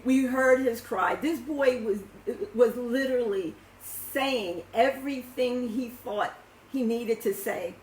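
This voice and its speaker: Impassioned woman talking to her followers. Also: a little high. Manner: impassioned, emphatic, stumbles and repeats words. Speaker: social media commentator. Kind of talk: live video talk to followers. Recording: roomy echo.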